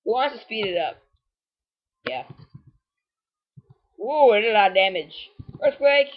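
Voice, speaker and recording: A woman's voice: mid-range voice, lively intonation, a little slow, lo-fi sound. A woman giving rambling, casual commentary while playing a video game and talking back at it. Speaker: let's play host.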